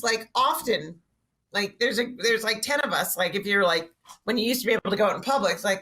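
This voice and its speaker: A woman's voice: medium pitch, lively intonation, fairly quick, sharp tone, slight background noise. A woman guest telling a funny anecdote on a podcast, acting out quotes as she goes. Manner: chatty storyteller, acts out quotes. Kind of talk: casual comedic anecdote.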